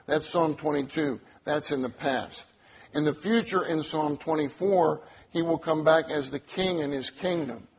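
A man's voice: fairly high pitch, a little slow, husky. Earnest preacher man, lo-fi sound. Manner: earnest, repeats key phrases, call and response with congregation. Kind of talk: sermon.

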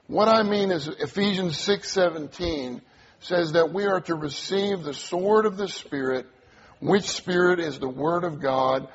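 Earnest preacher man, lo-fi sound. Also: fairly high pitch. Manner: earnest, repeats key phrases, call and response with congregation. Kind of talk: sermon.

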